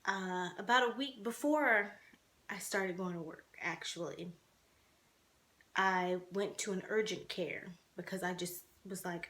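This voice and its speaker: A woman's voice: lowish voice, measured pace, a bit bright. A woman in her twenties telling her own life story to the camera, speaking candidly with many fillers and restarts. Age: 20s.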